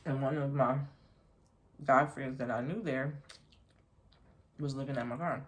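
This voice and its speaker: A woman's voice: extremely low pitch, fairly even intonation, unhurried, a little hiss or hum. A woman vlogger telling a long personal story in a chatty, rambling way while eating, often correcting herself.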